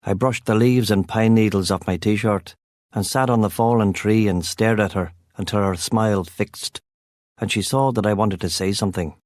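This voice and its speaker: A man narrates an audiobook in a low, measured voice. The delivery is grave and deliberate, recorded close and dry with no room sound. He keeps a steady, serious storyteller's tone. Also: no room sound.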